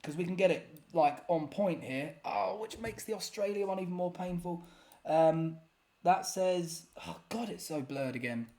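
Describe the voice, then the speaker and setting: A man's voice: high voice, moderate pace, dark tone. A man giving casual, self-deprecating commentary while playing a geography guessing game, often muttering in exasperation. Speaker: gaming YouTuber.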